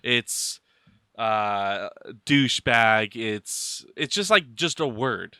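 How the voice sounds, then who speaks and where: A man's voice: mid-range voice, lively intonation, very slow, sharp tone, smooth, no echo, clean studio sound. A man co-hosting a podcast in casual chat, playful and swearing freely. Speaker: podcast co-host.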